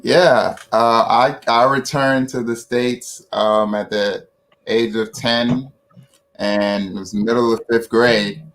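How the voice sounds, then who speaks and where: A man's voice: mid-range voice, fairly even intonation, slow pace, a bit bright. A man with a Ghanaian accent telling stories in an online panel, often adding "right?" and laughing while he talks. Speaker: panel guest. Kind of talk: storytelling in an online panel talk. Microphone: video call.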